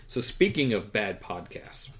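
A man's voice: on the low side, sing-song, measured pace, a little hiss or hum. A man co-hosting a podcast in casual chat, rambling with many fillers and chuckles. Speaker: podcast co-host.

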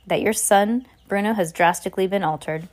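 Woman doing a calm, firm old grandmother. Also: mid-range voice, fairly quick, lightly acted. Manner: patient, firm.

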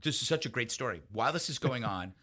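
A man as an interview guest, telling a story in an animated way, laughing often and acting out what other people said. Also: medium pitch, fast, slightly rough. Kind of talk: storytelling anecdote in a conversational interview.

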